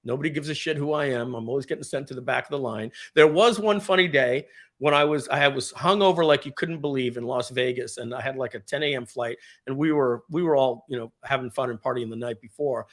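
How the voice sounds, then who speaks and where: A man giving a storytelling speech at a company event, animated and profane, with frequent throat clearing. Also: medium pitch, brisk. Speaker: speaker at a company party.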